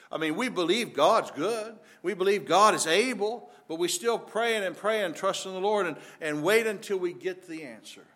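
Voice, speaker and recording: A man's voice: a little high, fairly bright tone. An older man preaching a sermon in a folksy way, often repeating words and rising for emphasis.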